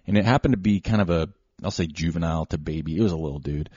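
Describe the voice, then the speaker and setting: A man hosting a show, telling a casual, rambling, self-deprecating story with animated asides. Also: sits low, rapid-fire, hardly any pauses, slightly rough, dry recording. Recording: slightly dull lo-fi recording.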